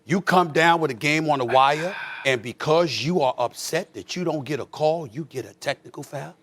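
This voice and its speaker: A man, a sports talk host ranting loudly, shouting in bursts. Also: a little high, moderate pace. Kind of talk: heated sports commentary.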